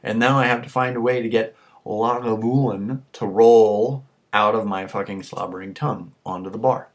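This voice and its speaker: A man's voice: on the low side, fairly even intonation, moderate pace. Tipsy man ranting profanely. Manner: crude, ranting, swears constantly. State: tipsy from drinking. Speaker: vlogger. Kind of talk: rambling profane monologue to camera.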